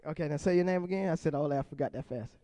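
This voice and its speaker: A man performs stand-up for a room of seniors, joking with people in the crowd. His voice sits a little high for a man. The sound is dry and close, with no room around it. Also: racing, mellow, dry recording. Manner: playful, chatty crowd work, often laughing. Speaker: comedian performing for a seniors group. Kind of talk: stand-up comedy with crowd work.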